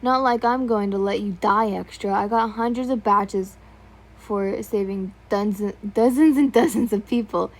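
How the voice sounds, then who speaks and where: A woman doing a brash, shouting young soldier. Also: mid-range voice, normal speed, close to an everyday voice. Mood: brusque. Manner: loud, brusque, shouting.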